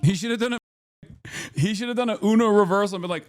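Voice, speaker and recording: A man's voice: sits high, fast, soft background music. A man in his thirties giving casual, sarcastic reaction commentary on news clips and riffing with jokes.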